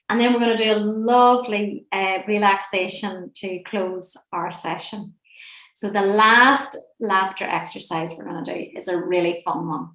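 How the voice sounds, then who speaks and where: A woman leading a laughter and breathing class, gentle, playful and encouraging, speaking from a room on a video call. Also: medium pitch. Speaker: laughter and relaxation session leader. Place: indoor room at home, seated near a screen. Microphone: webcam or laptop mic on a video call. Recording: roomy echoey room sound.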